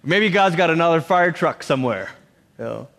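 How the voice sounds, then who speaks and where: A man preaching, his fairly high voice trailing a long reverb through the hall. He delivers his sermon with animation, slipping in jokey asides and putting on voices for quoted lines. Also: lively intonation, normal speed, creaky, a bit bright.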